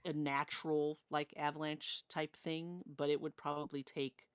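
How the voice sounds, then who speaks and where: A man's voice: fairly high pitch, level tone, normal speed, clean tone, dry recording, studio quality. A man acting as game master, describing scenes in a loose, rambling way full of fillers. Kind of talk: narrating a tabletop game.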